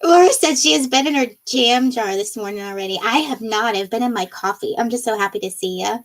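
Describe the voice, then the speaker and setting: A woman with a fairly high, brisk voice hosts a casual livestream, reading viewer comments out loud and laughing frequently in between. The audio quality is poor.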